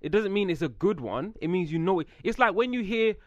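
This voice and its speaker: A young man, chatting on a podcast, lively and slangy. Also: high-pitched, fairly quick, no room sound, muffled recording. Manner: lively, slangy, laughs at his own jokes. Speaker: podcast co-host. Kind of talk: casual chat.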